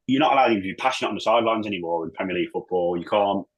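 A man, a former footballer and manager, chatting as a podcast guest in an animated, rambling way, full of restarts and the odd swear. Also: on the low side, very fast, low-quality recording. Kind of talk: casual chat.

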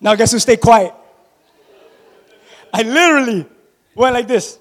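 High-voiced preacher in a reverberant church. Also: male voice, a little slow, pauses often. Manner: animated, tells personal stories and calls out to the congregation. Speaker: pastor. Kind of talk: sermon. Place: church sanctuary. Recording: long reverb of a large church hall.

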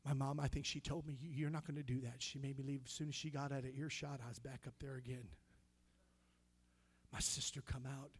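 A male pastor with an American accent telling a personal story in a sermon, dropping to hushed whispers and rising to shouted praise. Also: medium pitch, little pitch movement, brisk, slightly rough.

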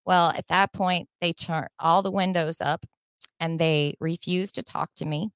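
A woman's voice: fairly low pitch, steady tone, measured pace, smooth, no room sound. Heated, profane storytelling woman. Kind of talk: personal storytelling.

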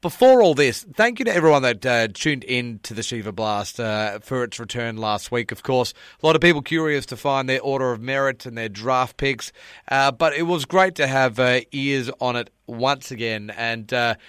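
A man's voice: medium pitch, lively intonation, fairly bright tone, clean tone, no room sound, studio quality. A young adult man hosting a podcast in a casual, jokey, upbeat manner. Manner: upbeat, jokey, quick asides. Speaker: podcast host.

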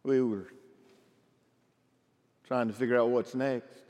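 A middle-aged male pastor preaching a sermon, swinging from emphatic calls to quiet, low asides. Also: fairly even intonation, slow pace. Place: large church sanctuary. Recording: long hall reverb.

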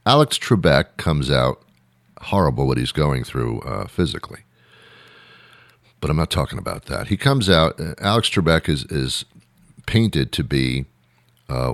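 A man's voice: extremely low pitch, dry recording, clean studio sound. A man hosting a show, talking in a wry, meandering monologue and laughing at his own jokes. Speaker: host. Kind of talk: rambling monologue.

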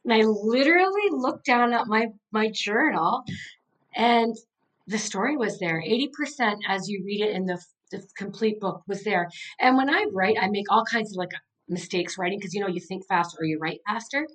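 A middle-aged woman who works as an author and coach is a guest on a podcast, speaking at normal speed in an animated, mid-range voice over poor audio. The casual interview conversation finds her earnest and heartfelt, with many "like" fillers.

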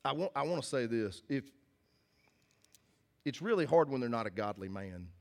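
A man preaches to his congregation at a middling pitch, earnest and folksy in manner. He doubles back, restarts his phrases and repeats them as he leans into each point. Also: expressive, moderate pace, vocal fry. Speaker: pastor. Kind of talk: sermon. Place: church hall with congregation.

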